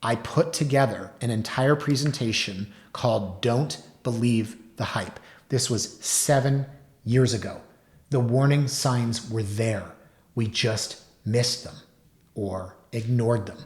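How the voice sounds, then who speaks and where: Male host, 40s, mid-pitched, chatty storyteller with sarcastic asides. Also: slow, roomy sound. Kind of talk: casual monologue.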